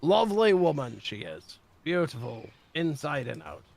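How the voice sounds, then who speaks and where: A man's voice: fairly high pitch, very animated, normal speed, vocal fry, a little mellow, no echo, full character voice. A man voicing a boastful, jovial male ship captain who talks in a folksy sailor way and calls people mate.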